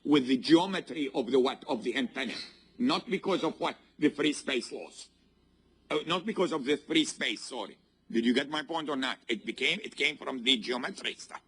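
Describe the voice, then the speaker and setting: A man's voice: mid-range voice, expressive, normal speed, a bit bright, breathy edge. A male university professor giving a classroom lecture, constantly asking the students to fill in the answer and checking whether they follow. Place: lecture hall.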